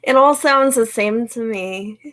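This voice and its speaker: A woman, a panel guest, chatting playfully with quick laughing reactions. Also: fairly high pitch, a bit bright. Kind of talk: casual chat.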